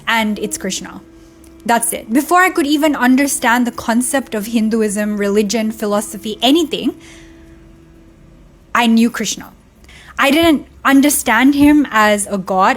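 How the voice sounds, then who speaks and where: A woman's voice: fairly high pitch, normal speed, soft background music. A young woman vlogger telling a heartfelt personal story in a casual, conversational way, tearing up at times. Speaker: spiritual vlogger.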